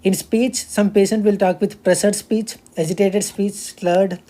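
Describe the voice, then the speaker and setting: A woman's voice: medium pitch, fairly even intonation, measured pace, dark tone. A young woman giving a recorded medical exam-prep lecture, explaining step by step with many fillers and restarts.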